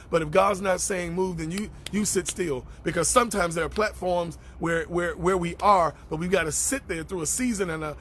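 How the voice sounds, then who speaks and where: A man's voice: high voice, fairly bright tone, slight background noise. A man ministering on a live stream, reading out and answering viewer comments in a preacherly way and repeating phrases for emphasis. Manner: greets viewers by name between thoughts.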